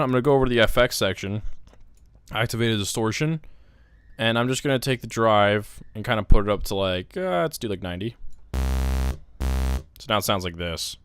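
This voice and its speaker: A man's voice: fairly low pitch, fairly bright tone. A young man casually walking through synthesizer settings in a music production tutorial, thinking aloud with fillers as he works. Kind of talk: casual screen-recorded tutorial.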